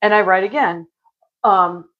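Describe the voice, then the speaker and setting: A woman's voice: medium pitch, a little slow, phone-quality sound. A woman in her forties casually telling a story to camera, chatty and exasperated, acting out what others said. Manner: chatty and exasperated, acts out quoted lines; sips wine while talking. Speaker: vlogger.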